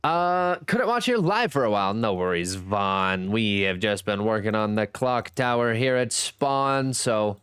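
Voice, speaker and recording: A man's voice: measured pace, hardly any pauses, a bit bright, smooth, no room sound, studio quality. A man streaming a game, chatting casually, reading viewers' messages aloud and thanking them, joking at his own expense. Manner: reads and answers chat aloud, thanks viewers; jokey, self-teasing, swings between high and low pitch. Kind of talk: casual live-stream chat.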